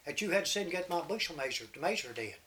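A man's voice: fairly high pitch, expressive, very fast, bright, forceful tone. An older man voicing a scheming, bullying country man in a spoken folk tale. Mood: demanding.

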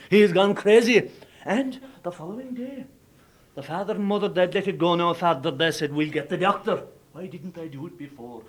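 Irish man, folk storyteller, fairly high voice, lively dramatic telling.

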